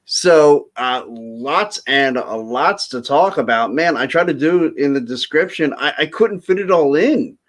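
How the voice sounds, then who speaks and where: A man's voice: on the high side, expressive, a little slow, few pauses. A man hosting a casual sports chat, easygoing and a bit hesitant, an eager football draft fan. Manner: easygoing, self-described draft geek, hesitant fillers. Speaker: host.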